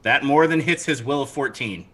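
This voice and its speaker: A man running a tabletop game as game master, narrating lively and laughing, stopping to correct himself. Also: medium pitch, normal speed.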